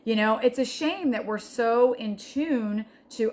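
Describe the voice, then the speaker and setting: A woman's voice: on the high side, slow pace, darkish tone. A middle-aged woman in a casual, encouraging chat, earnest and talkative, often restarting with fillers. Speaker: vlogger sharing a health journey.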